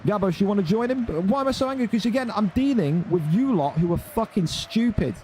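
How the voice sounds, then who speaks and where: A man's voice: sits high, lively intonation, a little fast, a little mellow, slight background noise. An irritated young man, swearing and scolding his chat during an esports tournament stream. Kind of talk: angry ranting at chat on stream.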